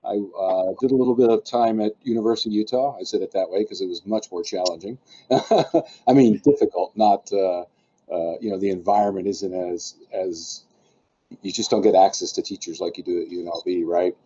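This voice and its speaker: A man's voice: sits low, a little fast, mellow. A man introducing himself on a video call in a rambling, self-deprecating way. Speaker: network engineering manager. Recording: muffled video-call audio.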